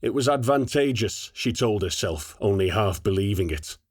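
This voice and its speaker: Man, low voice, steady audiobook narration, very dry studio sound. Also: moderate pace, breathy edge, no echo.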